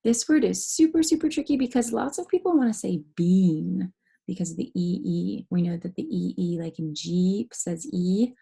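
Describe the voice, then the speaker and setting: A woman teaching a phonics lesson to young children online, patient and clear, slowly stretching out sounds and letters. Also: on the low side, animated, mellow.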